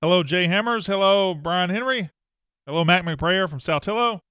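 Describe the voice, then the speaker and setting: A man hosts a loose, rambling sports talk stream, greeting viewers and joking at his own expense. His voice is smooth and resonant, recorded dry and close. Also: high voice, normal speed, sharp tone, no echo. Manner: rambling, self-deprecating, reads viewer comments aloud. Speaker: sports show host.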